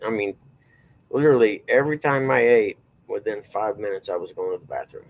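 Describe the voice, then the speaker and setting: A middle-aged man, talking in a gravelly, somewhat low voice. He rambles through folksy personal stories in a loose, drawling way, trailing off and circling back as he goes. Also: a little fast, low-quality recording. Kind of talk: casual storytelling chat.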